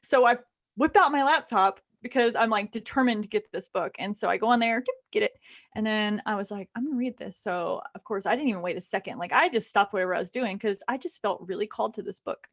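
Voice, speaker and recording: A woman co-hosting a podcast, casually and excitedly retelling a book she loved, with lots of fillers. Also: mid-range voice, quick pace, few pauses. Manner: animated and gushing, lots of fillers. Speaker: podcast co-host.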